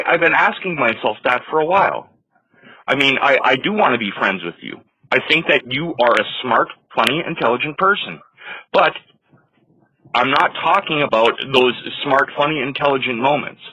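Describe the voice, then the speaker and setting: A man arguing on a phone call, firm, measured and insistent. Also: mid-range voice, bright, forceful tone, husky, no echo. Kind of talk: heated phone argument.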